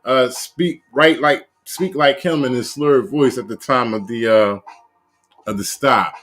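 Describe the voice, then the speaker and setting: A man's voice: mid-range voice, unhurried, fairly bright tone, faint music behind. A man hosting a live review of police videos, reading a news story aloud and adding blunt, profane jokes. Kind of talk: casual live video commentary.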